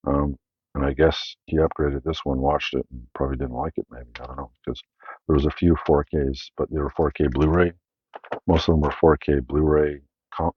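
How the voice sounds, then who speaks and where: Very deep husky Canadian man. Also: no room sound, lo-fi sound. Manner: meandering, with frequent fillers and self-corrections. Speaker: film collector and channel host. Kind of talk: casual rambling tour of a film collection.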